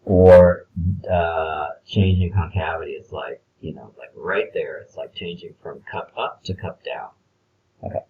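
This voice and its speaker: A man's voice: sits low, unhurried, phone-quality sound, a little hiss or hum. A man talking through a math worksheet in a casual screencast lesson, explaining step by step with filler words. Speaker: math teacher.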